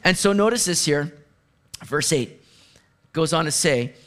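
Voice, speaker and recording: A man preaching a sermon as pastor, animated, moving from hushed asides to excited exclamations. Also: a little high, unhurried.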